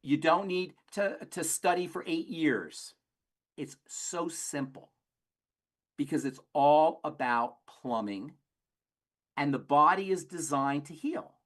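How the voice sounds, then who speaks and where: A man's voice: a little high, slow, fairly bright tone. A man, a pharmacist guest on a call-in health program, speaking emphatically and preachily with frequent restarts.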